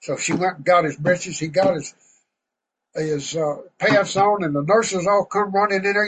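A man preaching a fervent, folksy sermon to an online group over a video call, breaking into shouts of praise. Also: high voice, steady tone, normal speed, a little hiss or hum, rough recording.

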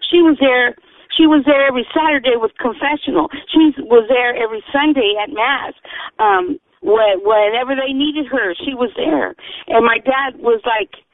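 Woman rambling through her faith story, kinda high, raspy fry, sounds like over a phone. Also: expressive, normal speed, no echo. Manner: rambling, earnest, self-correcting. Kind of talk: personal faith testimony. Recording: tinny phone-like radio sound.

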